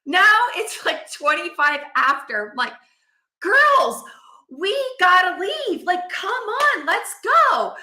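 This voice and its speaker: A middle-aged woman telling a personal story to camera, animated and acting out her own quotes. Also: high-pitched, roomy sound. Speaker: vlogger, mother.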